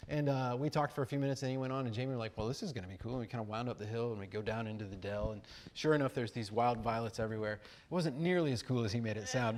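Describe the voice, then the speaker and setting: An American man giving a talk, reading reflective passages and telling rambling, animated anecdotes with fillers and restarts. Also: medium pitch, a little fast. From United States. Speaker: speaker at an arts conference. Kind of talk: talk mixing read essay and casual anecdote.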